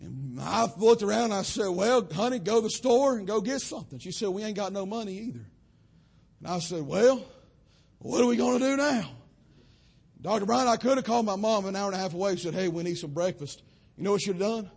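Raspy, high-voiced preacher. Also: male voice, fairly quick. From western North Carolina. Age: young adult. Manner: preaching cadence, swelling to shouts then dropping low. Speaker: pastor. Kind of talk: sermon.

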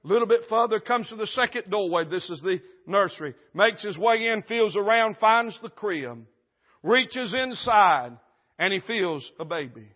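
A man preaching at a church service, telling a sermon illustration dramatically, acting out the voices and swinging from loud to hushed. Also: sits high, expressive, normal speed, lo-fi sound.

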